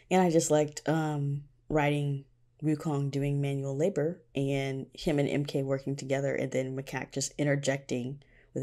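A woman's voice: a bass voice, a little mellow. A woman hosting a casual solo podcast, talking candidly about her own writing, swearing freely and often laughing. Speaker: podcast host and fan fiction writer.

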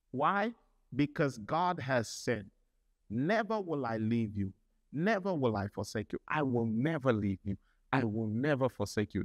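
A male pastor preaching a sermon, building up to loud repeated declarations. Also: medium pitch, no room sound.

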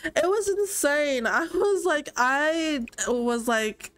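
A woman's voice: high-pitched, expressive, slow pace. A young woman live-streaming a life-sim game, chatting casually, reading chat aloud, gasping and laughing often. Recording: game music faint behind.

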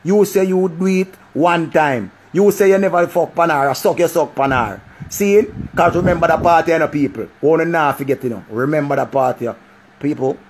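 Animated Jamaican man commenting. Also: fairly high pitch, brisk, a little hiss or hum. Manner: animated, repetitive, profane. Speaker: vlogger. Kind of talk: casual commentary.

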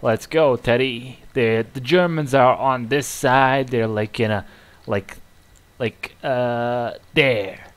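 A man giving live gameplay commentary, muttering and cursing with sudden excited outbursts. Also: mid-range voice, takes it slowly. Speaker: gamer.

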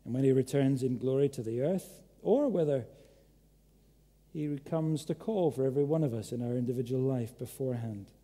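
Dark-voiced man preaching in an echoey church. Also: mid-range voice, moderate pace. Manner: earnest, emphatic, questioning the listeners. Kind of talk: sermon. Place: large church hall.

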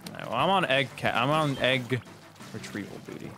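A man's voice: mid-range voice, lively intonation, fairly quick. A man livestreaming a video game, chatting playfully with his viewers. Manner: playful, jokey, talks to chat. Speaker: streamer. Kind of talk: casual game livestream chat. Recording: game music behind. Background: game music.

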